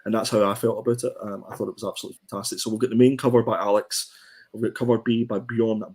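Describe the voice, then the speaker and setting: A comic book podcast co-host with a slightly low, slightly rough voice reviews a comic in a relaxed, casual manner. He talks very fast yet hesitates often, filling gaps with ums and restarting sentences.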